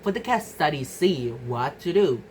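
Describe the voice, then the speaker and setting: A woman's voice: low voice, animated, unhurried, a little mellow, a little hiss or hum, low-quality recording. A young woman from Indonesia giving a class presentation, carefully repeating example words to show their stress. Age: young adult. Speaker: student presenter.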